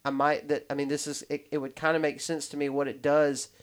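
A man hosting a podcast, telling stories in a rambling, animated way with many restarts. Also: a little high, a little fast. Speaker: podcast host. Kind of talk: casual podcast chat.

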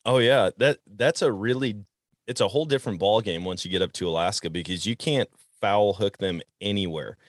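A man from Wisconsin hosting an outdoors podcast, telling fishing stories in a relaxed way and chuckling often. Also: on the low side, brisk, no echo, clean studio sound. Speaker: podcast host. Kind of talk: casual outdoors chat.

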